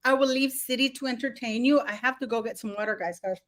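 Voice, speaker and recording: Woman streamer, casual rambling host, slightly high voice, lots of fillers. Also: quick pace, fairly bright tone. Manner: rambling, many fillers and restarts, frequent laughter. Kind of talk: casual live stream chat.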